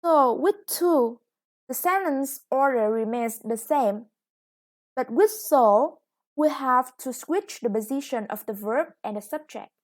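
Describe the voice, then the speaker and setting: Slow, careful woman teacher. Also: sits high, animated. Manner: slow, deliberate, stresses each new word. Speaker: English teacher. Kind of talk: recorded classroom lesson.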